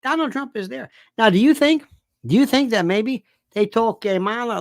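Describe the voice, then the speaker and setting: A man hosting a political commentary show, delivering an animated monologue full of rhetorical questions and exasperated repetition. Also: sits high, normal speed, vocal fry, no echo, clean studio sound. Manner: exasperated, fires off rhetorical questions, repeats himself.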